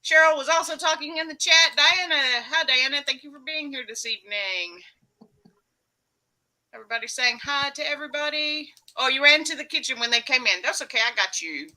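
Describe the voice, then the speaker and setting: A woman's voice: high-pitched, a little fast, bright, forceful tone, rough recording. A woman with a Texan accent, chatting and teasing as the host of a live stream and greeting her viewers. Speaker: livestream host. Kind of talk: casual live-stream chat.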